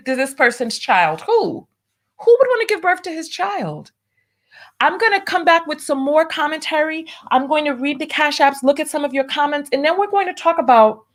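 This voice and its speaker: Female host, animated commentary voice, preachy tone, reads donations aloud. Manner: lively, preachy, drawn-out emphasis with big pitch swings. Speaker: show host. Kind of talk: commentary and reading viewer donations.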